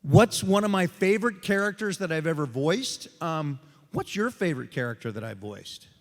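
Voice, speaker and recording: With a creaky voice that sits a little high, a man talks at a moderate pace on a convention panel stage. The voice actor guest jokes through stories, acts out quoted voices and takes questions from the audience in an echoing hall.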